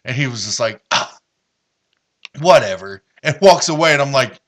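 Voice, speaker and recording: A man's voice: medium pitch, moderate pace. A man co-hosting a casual movie podcast, telling stories and acting out quotes with lots of energy. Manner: animated storyteller, acts out quotes. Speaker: podcast co-host.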